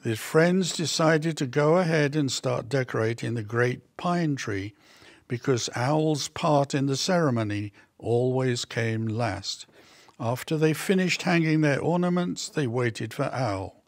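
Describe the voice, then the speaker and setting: Guy reading a kids picture book, slow and gentle, bit of gravel in his voice, dry close sound. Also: medium pitch, dry recording. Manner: slow, gentle read-aloud with small character voices. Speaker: storybook reader.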